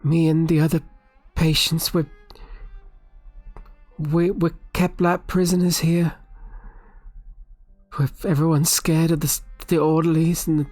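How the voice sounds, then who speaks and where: A man's voice: fairly high pitch, little pitch movement, unhurried, long pauses, darkish tone, dry recording, soft background music, pitched above the performer's own voice. A woman voicing a frightened young male asylum patient who stammers and pleads.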